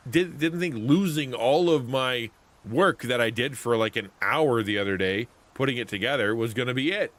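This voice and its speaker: A man's voice: mid-range voice, a bit bright. Chatty man streaming a video game. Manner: rambling, chatty, self-interrupting. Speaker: livestreamer. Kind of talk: casual gameplay commentary.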